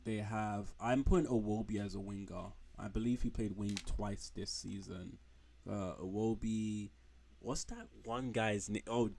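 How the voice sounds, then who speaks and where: A man's voice: fairly low pitch, a little mellow. A man streaming from home, rambling frankly through football players with slang and blunt put-downs. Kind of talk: casual live-stream commentary.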